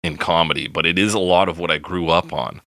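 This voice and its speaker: A man co-hosting a music podcast, chatting casually and animatedly, swearing freely and cracking quick jokes. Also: low voice, steady tone, vocal fry, fairly bright tone, dry recording, studio quality. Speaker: podcast co-host.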